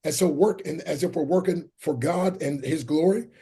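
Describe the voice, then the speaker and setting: Middle-aged male guest, preacher-style cadence, slightly high voice with a husky edge. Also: moderate pace, warm tone. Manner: fervent, quotes scripture, calls the host "my friend". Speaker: guest, motivational speaker. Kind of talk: preaching-style interview talk.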